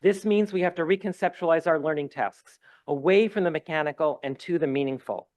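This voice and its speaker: A man's voice: fairly high pitch, brisk, darkish tone, no echo. Earnest man giving a conference talk. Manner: earnest, explanatory, with frequent ums and restarts. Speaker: professor giving opening remarks. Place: lecture hall.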